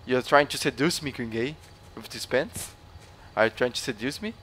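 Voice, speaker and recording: A man's voice: medium pitch, moderate pace, a little hiss or hum. A man with a Brazilian Portuguese accent, hosting a gaming video and playing a mock cop who teases and repeats himself. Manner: loud, teasing, repeats phrases, mixes in Portuguese. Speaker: gaming channel host. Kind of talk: playful in-game role-play, mock interrogation.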